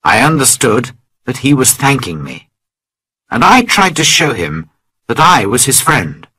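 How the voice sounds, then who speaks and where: A man slowly narrating a simple story for English learners, reading clearly and carefully. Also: mid-range voice, bright, forceful tone, no echo, low-quality recording.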